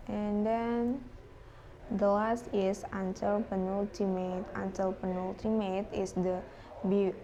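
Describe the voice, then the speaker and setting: Woman, classroom presentation, slow, mellow tone, halting with fillers, faint background noise. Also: medium pitch. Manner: halting, with fillers and self-corrections.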